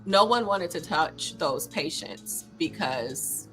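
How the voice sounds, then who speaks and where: A woman's voice: low voice, lively intonation, slow, sharp tone, faint music behind, poor audio. A woman talking as a guest in a casual interview, earnest and thoughtful, with plenty of ums as she explains things. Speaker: guest, small business owner.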